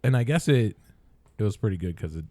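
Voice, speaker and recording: A man speaks low but with a lively, swinging pitch as a podcast guest. He talks bluntly and laughs often. The sound is dry and close. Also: fast talker, no room sound. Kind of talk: casual chat.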